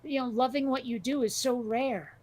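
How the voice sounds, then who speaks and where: A woman's voice: high voice, normal speed, darkish tone. A woman co-hosting a casual podcast chat, talking bluntly, swearing freely and telling stories with energy. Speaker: podcast co-host.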